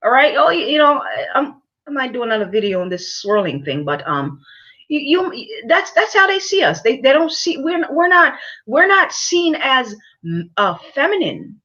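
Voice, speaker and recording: Halting, lecturing woman vlogger, lo-fi sound. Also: high-pitched, very animated, bright, forceful tone. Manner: halting, many fillers and repeated words; emphatic, lecturing the audience. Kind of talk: opinion commentary to camera.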